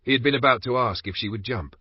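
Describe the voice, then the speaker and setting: A man narrating an audiobook in a steady, measured reading. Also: mid-range voice, breathy edge, no room sound. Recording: dry, slightly dull recording.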